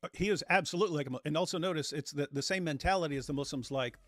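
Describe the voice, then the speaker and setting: Guy reacting to clips, bit high voice, dry close sound, mocking tone. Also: very fast, no echo. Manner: lively, explaining, mocking. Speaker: host. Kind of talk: casual reaction commentary.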